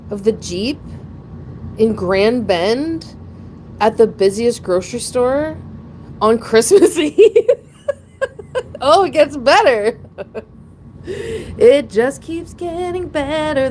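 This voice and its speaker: A woman hosting a casual chat, rambling through a story with frequent laughter and sudden high, emotional bursts. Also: slight background noise. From Ontario, Canada. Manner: rambling, animated, laughs often, breaks into emotional high pitch. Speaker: channel host.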